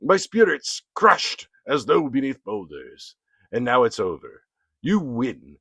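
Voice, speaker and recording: A man's voice: mid-range voice, huge pitch swings, slow pace, fairly bright tone, husky, no room sound, pitched above the performer's own voice, full character voice. A man voicing a pompous male cartoon coyote who calls himself a genius, delivering a theatrical performance poem. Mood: defeated. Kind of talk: performance poetry. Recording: dull, dry recording.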